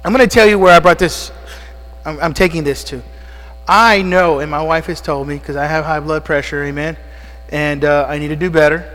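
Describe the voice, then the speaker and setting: A male pastor with a fairly high, slightly bright voice preaches at a moderate pace, his intonation fairly even. He sounds breathless, questioning the congregation and calling out amens in call-and-response preaching. Recorded in a church sanctuary, it has long reverb and mains hum.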